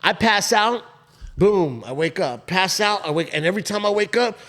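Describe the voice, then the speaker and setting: A man's voice: sits high, normal speed. A man telling a long story in casual podcast chat, swearing freely and laughing often. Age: adult with a father-in-law and kids. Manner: animated, profane storytelling with bursts of laughter. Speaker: podcast co-host.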